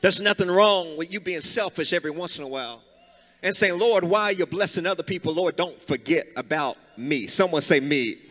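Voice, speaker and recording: A man preaching a sermon as pastor, calling out to the congregation and breaking into sung and shouted phrases. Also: a little high, a little fast. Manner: preaching with rising fervor, sings and shouts phrases, calls on congregation to respond. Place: church sanctuary. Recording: long hall reverb from live sanctuary.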